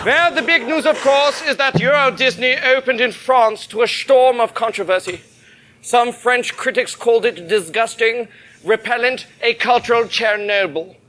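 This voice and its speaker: An actor in a sketch playing a stiff, flamboyant male German TV host with a put-on German accent and a deadpan, clipped manner. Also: very high voice, moderate pace, a little hiss or hum. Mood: deadpan pompous. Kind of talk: sketch comedy. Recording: TV clip with loud studio audience.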